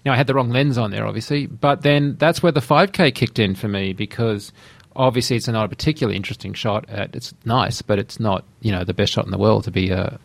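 A man's voice: on the low side, fast, gravelly, no room sound. A man hosting a podcast, talking in an easygoing, chatty way about his experiences. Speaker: podcast host. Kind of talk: casual podcast interview.

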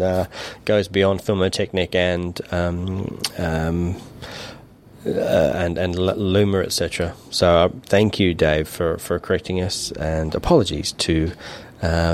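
Deep-voiced man in casual podcast chat. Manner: rambling, many restarts and fillers. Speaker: podcast co-host.

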